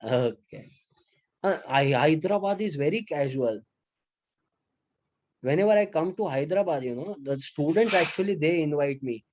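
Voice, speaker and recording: Man, Indian English accent, lecturer, chatty storyteller, slightly high-pitched. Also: moderate pace, long pauses. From Mumbai, India. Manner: chatty, animated anecdotes with acted-out quotes. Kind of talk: casual classroom storytelling.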